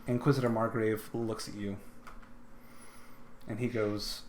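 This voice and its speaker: A man's voice: lowish voice, little pitch movement, a little slow, pauses often, a little mellow. Man narrating as dungeon master. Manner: descriptive, with filler and restarts. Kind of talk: narrating a tabletop game.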